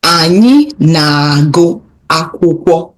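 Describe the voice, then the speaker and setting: A young woman teaching children vocabulary, repeating words slowly and encouraging them as she goes. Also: deep voice, lively intonation. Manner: repeats phrases slowly, encouraging, laughs lightly. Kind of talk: slow, clear vocabulary lesson for kids.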